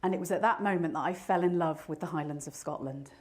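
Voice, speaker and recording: A woman's voice: low-pitched, fast. A woman in her fifties giving a motivational talk, telling a personal story and laughing at herself now and then. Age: 50s. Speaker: motivational speaker.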